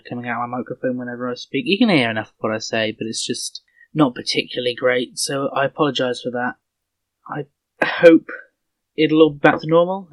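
A man's voice: medium pitch, dry recording. A man hosting a podcast, talking casually and apologetically through a slightly tinny webcam-type microphone. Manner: apologetic, easygoing. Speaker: podcast host.

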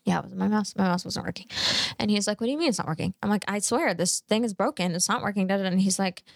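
A chatty woman in casual podcast talk, piling up "like" and false starts as she tells a story. Her voice sits at an ordinary middle pitch. The sound is close and dry, with no room around it. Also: fairly even intonation, quick pace, vocal fry, no echo. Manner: rambling storyteller, lots of "like" and restarts. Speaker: podcast co-host. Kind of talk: casual chat.

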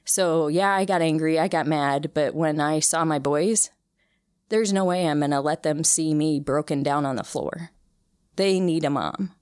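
A woman in her thirties speaks in a notably low voice as an interview guest. She tells her story earnestly and emotionally, often restarting her sentences. The sound is dry and close, with no room around it. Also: unhurried, a little mellow, no echo. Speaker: interview guest, cancer survivor. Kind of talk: casual conversational interview.

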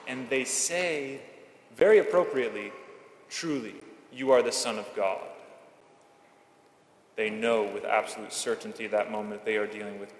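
A man giving a Catholic homily at Mass, measured and earnest, with slow emphatic phrases. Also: on the low side, slight background noise. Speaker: Catholic priest. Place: large church. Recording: echoey church with long reverb.

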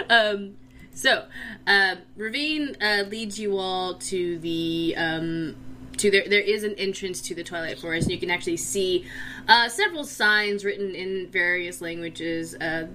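Bright-voiced woman game master. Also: on the low side, animated, unhurried, slight background noise. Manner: hesitant, many fillers. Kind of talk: narrating a tabletop game.

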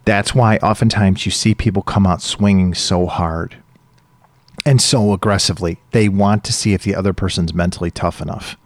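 A man co-hosting a casual chat, an animated storyteller who acts out what others said. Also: deep voice, moderate pace, no room sound.

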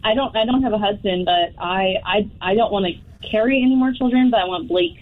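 A woman's voice: medium pitch, brisk. A woman calls in to a radio show and teases the hosts playfully. Her voice comes through a tinny phone line. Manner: playful, teasing. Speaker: caller. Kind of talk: casual radio call-in chat.

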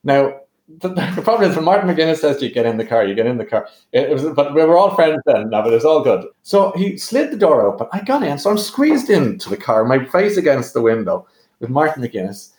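A man with an Irish accent, a podcast guest telling a lively self-deprecating anecdote. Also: fairly high pitch, a little fast. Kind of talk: animated storytelling. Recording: roomy echo.

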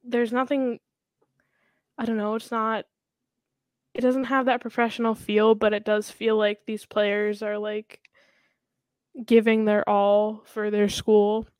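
A woman's voice: mid-range voice, flat delivery, takes it slowly, long pauses, a little mellow, clear, resonant tone, no echo. A young woman co-hosting a casual podcast chat who laughs often, leans on "like" and restarts her sentences. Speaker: podcast co-host.

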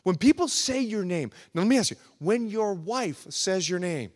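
A man's voice: high-pitched, big pitch swings, moderate pace, hardly any pauses, darkish tone. A man preaching a sermon as pastor, emphatic and repetitive, swelling and dropping in intensity. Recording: echoey hall recording.

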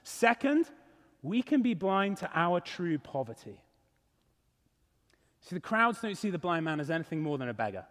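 A man's voice: high voice, very animated, moderate pace, pauses often, fairly bright tone, long reverb tail. A male pastor preaching a sermon in a church, earnest and emphatic. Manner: earnest, emphatic, rising and falling.

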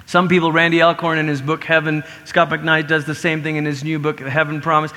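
Bright-voiced man preaching in a reverberant hall. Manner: animated, acts out quoted voices with big pitch swings. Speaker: pastor. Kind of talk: sermon. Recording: long reverb of a large hall.

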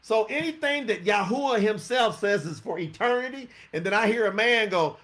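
A man's voice: sits high, lively intonation, normal speed, a bit bright. A man preaching a sermon, talking straight to his listeners with many questions and casual slang.

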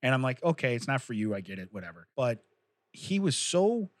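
A man's voice: mid-range voice, sing-song, brisk, dry recording. Laughing, rambling male podcast host. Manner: laughs often, rambling storytelling. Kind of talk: casual chat.

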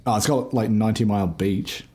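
A New Zealand-accented man with a mellow, low-pitched voice. He keeps his replies short and slips in dry one-liners during a relaxed podcast chat. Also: brisk. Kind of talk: casual chat.

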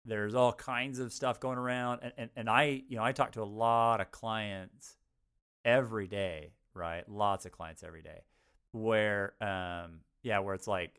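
Male co-host and advisor, smooth resonant voice, relaxed chatty delivery. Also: on the low side, measured pace. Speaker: financial advisor and podcast co-host. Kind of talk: casual podcast chat.

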